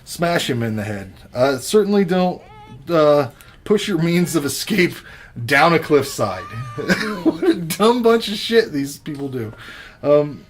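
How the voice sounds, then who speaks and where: A man co-hosting a podcast, chatting casually about horror films with a profane, joking, animated delivery. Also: fairly high pitch, takes it slowly. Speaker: podcast co-host. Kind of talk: casual movie review chat.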